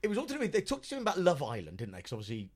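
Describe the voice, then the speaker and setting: A man co-hosting a podcast who tells stories in a casual, animated way and laughs often. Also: fairly high pitch, rapid-fire, over a noisy crowd. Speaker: podcast co-host. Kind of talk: casual chat.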